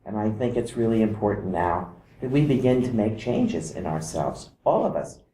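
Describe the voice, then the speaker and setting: A man giving a calm explanatory talk to camera. He mimics vibrations by singing short "da" syllables. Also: lowish voice, moderate pace, reverberant, a little hiss or hum, low-quality recording. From outside Iceland.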